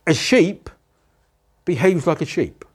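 High-voiced preacher man, emphatic. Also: expressive, breathy edge. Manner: rhetorical questions, emphatic pauses. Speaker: pastor. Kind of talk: sermon.

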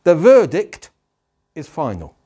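A male pastor preaching a sermon, asking rhetorical questions and pausing for emphasis. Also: a little high, huge pitch swings, dark tone, slightly rough.

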